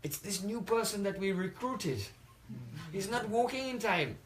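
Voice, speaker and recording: A man acting out a humble servant bearer in a spoken story. He sounds apologetic and pleading, pitched higher than his own voice. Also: expressive, unhurried, background noise. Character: deferential male palanquin bearer, servant.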